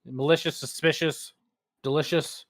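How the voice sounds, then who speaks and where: A man's voice: fairly high pitch, fairly even intonation, normal speed, fairly bright tone. A man playing a tabletop game, joking around and asking the game master questions. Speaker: player. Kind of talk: casual tabletop game chat.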